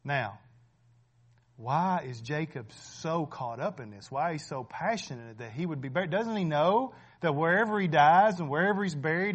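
A man's voice: on the high side, slightly rough. A man preaching a sermon as pastor, emphatic and conversational, often checking in with his listeners. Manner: emphatic, keeps asking "right?", laughs between points.

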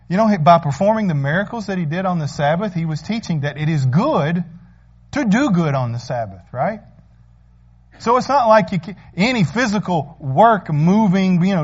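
A man's voice: high voice, darkish tone, lo-fi sound. A man preaching a sermon as pastor, earnest and asking the congregation rhetorical questions.

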